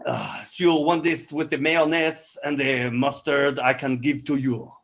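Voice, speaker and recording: A man's voice: mid-range voice, unhurried, creaky, fairly bright tone. A man voicing a boastful, eccentric male bullfighter selling hot dogs, in a mock Spanish accent, cheerfully threatening. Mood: mock menacing.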